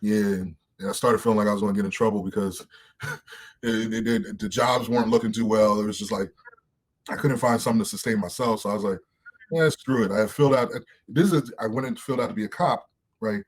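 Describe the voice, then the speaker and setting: A man in his thirties, a podcast guest telling candid stories in an animated way, swearing freely and acting out other people's voices. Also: lowish voice, fast talker, breathy edge. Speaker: interview guest.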